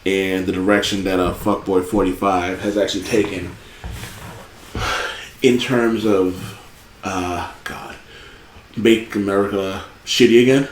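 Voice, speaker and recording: A man hosting a podcast in casual chat, telling stories in a rambling, profane, animated way. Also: deep voice, unhurried, long pauses, a little hiss or hum. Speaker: podcast host. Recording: echoey room.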